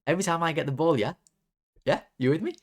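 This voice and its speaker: A man's voice: on the high side, quick pace, pitched above the performer's own voice, close to an everyday voice. A man mimicking a smug male footballer who gloats about a silly trick, with a teasing, sing-song delivery. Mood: mocking, gloating.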